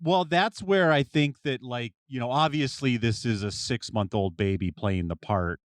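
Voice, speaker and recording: A man's voice: medium pitch, moderate pace, dry recording, clean studio sound. A man co-hosting a podcast, arguing his points in casual chat with a wry, joking edge. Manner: wry, argumentative, jumps in with jokes. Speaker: podcast co-host.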